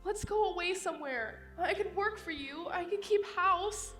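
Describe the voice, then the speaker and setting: A woman's voice: very high-pitched, normal speed, fairly bright tone, faint music behind. Teen girl playing a panicked young bride. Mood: pleading. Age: teens. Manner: panicked, pleading. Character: frightened young bride pleading with her father. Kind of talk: high school stage play. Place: school auditorium stage. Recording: echoey auditorium from a distance.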